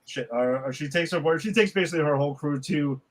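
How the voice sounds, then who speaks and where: Male podcast co-host, higher-pitched, loose and rambling, casual film chat. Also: quick pace. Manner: rambling, questioning, swears casually.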